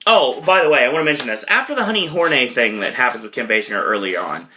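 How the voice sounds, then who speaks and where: A man hosting a podcast, casually retelling a movie in a rambling way, with lots of fillers and quick impressions. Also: mid-range voice, animated, sharp tone. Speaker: podcast host.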